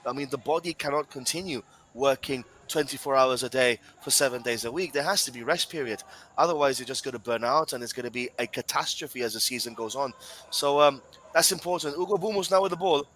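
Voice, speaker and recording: A man's voice: medium pitch, a little fast, a bit bright, slight background noise, poor audio. A man from Gibraltar giving live football match commentary, chatty and talking straight to his co-commentator and the viewers.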